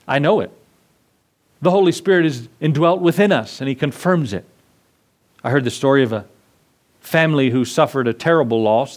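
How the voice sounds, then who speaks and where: A man preaching a sermon as pastor, earnest, acting out the voices in his stories. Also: fairly high pitch. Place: church.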